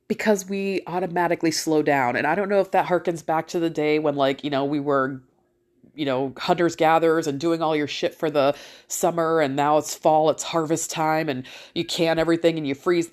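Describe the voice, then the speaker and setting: Female podcast host, deep voice, loose chatty rambler, swears a lot. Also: a little mellow. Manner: rambling, chatty, swears freely, laughs often. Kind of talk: casual chat.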